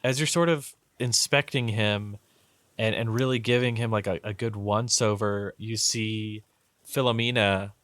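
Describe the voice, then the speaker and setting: A man's voice: lowish voice, fairly even intonation, unhurried, a bit bright, no echo. A man narrating as game master in a tabletop game, rambling with lots of fillers and restarts. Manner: rambling, hesitant, many fillers.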